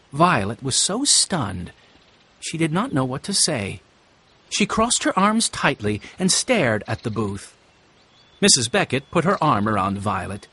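A man reading a children's storybook aloud with an expressive, sing-song delivery. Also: mid-range voice, breathy edge. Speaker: narrator.

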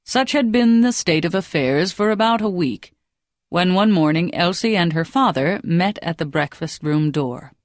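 A woman reading an audiobook in a measured, even narration. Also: lowish voice, no room sound, clean studio sound.

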